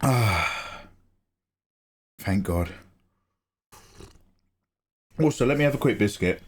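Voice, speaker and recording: A man's voice: fairly low pitch, expressive, slow pace, breathy edge. A man hosting a casual livestream, greeting viewers by name in a chatty way and laughing often. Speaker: art livestream host.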